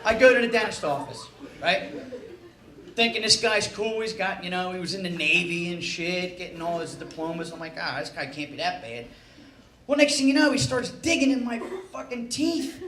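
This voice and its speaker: A man's voice: sits high, moderate pace. A man doing a stand-up comedy set on a nightclub stage, telling exasperated, profane stories. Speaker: stand-up comic. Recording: echoey club with loud crowd noise.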